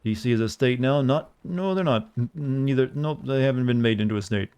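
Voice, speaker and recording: A man's voice: mid-range voice, a little fast, a little mellow, clear, resonant tone. A man streaming a game and chatting casually with his viewers, teasing them and playfully dodging their questions. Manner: teasing, evasive, talks over gameplay. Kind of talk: casual gaming commentary to chat.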